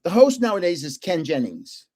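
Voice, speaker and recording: A man's voice: high-pitched, wildly swooping pitch, normal speed, darkish tone. An older man hosting a casual livestream, rambling through anecdotes and chuckling often between sentences. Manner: rambling anecdotes told with self-corrections. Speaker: host of a trading card livestream. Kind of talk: casual livestream chat with storytelling.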